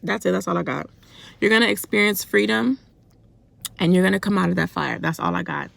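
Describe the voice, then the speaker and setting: A woman giving a fervent, colloquial devotional talk for her faith vlog. She speaks loudly and in a worked-up way, and keeps asking rhetorical questions. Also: lowish voice, fairly quick, vocal fry, no room sound. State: loud and worked up. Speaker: faith vlogger.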